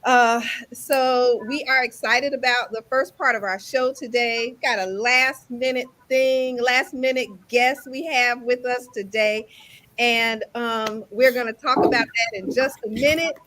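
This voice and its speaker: An upbeat woman hosts a live online talk show, speaking as an insurance instructor. Her voice sits somewhat high, and her manner is eager and lively. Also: measured pace. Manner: upbeat and enthusiastic.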